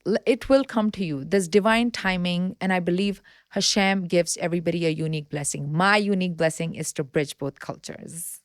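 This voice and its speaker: A woman in her thirties who grew up in India speaks as a podcast guest, candid, heartfelt and expressive, laughing easily. Her voice is fairly low, captured dry at studio quality.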